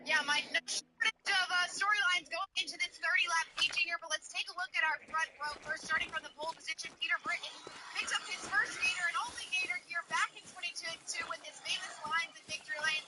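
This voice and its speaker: A woman's voice: very high voice, steady tone, quick pace. A woman analyst previewing a dirt race in a chatty way, with many fillers. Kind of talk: race commentary. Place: dirt racetrack. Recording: loud engine noise behind.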